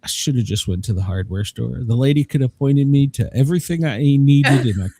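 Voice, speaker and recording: A man's voice: mid-range voice, brisk, creaky, warm tone. A man hosting a podcast in casual chat, rambling and self-mocking and often breaking into laughter. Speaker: podcast host.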